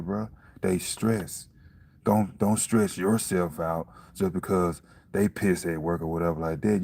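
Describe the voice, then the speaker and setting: Deep gravelly man preaching casually. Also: warm tone. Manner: preachy, profane, repeats himself. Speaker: vlogger. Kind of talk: casual motivational talk.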